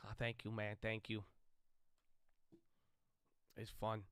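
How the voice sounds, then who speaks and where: A man's voice: fairly low pitch, completely flat delivery, slow, smooth, no room sound. A man hosting a live trading stream, giving loose, chatty market commentary and calling listeners bro. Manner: says he tends to sound loud and yelling.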